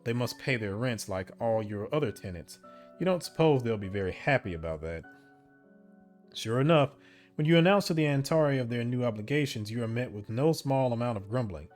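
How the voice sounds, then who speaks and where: A man's voice: medium pitch, brisk, soft background music. A man reading the narration of an interactive story game aloud, breaking off for casual asides about his choices. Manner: steady storybook reading broken by casual asides and laughs at slips. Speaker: game streamer.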